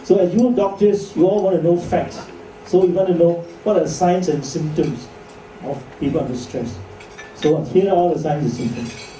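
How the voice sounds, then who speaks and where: Speaking to an audience of doctors in a lecture hall, this man keeps his medical talk chatty, joking and asking questions he doesn't expect answered. The voice is a little high with a dark tone and normal speed, and the recording comes from a distance, echoey, with faint noise.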